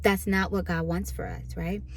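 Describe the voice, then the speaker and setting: A woman's voice: mid-range voice, flat delivery, moderate pace. Lady minister doing a chatty devotional talk, keeps asking "right?" and acting out people's complaints. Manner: conversational, asks listeners "right?"; acts out listeners' complaints in quoted voices. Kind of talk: casual devotional teaching.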